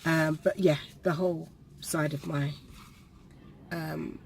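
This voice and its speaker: A woman, telling a personal story to the camera in a halting way, with pauses and restarts, while perspiring. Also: low-pitched, fairly even intonation, gravelly, slight background noise. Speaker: vlogger. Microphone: camera facing her.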